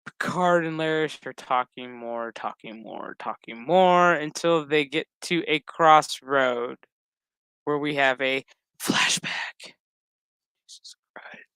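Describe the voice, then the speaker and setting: A man's voice: on the high side, takes it slowly, pushed and bright, clean tone, dry recording. A man giving a loose, profane, rambling recap of a TV episode, full of fillers. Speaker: TV episode reviewer.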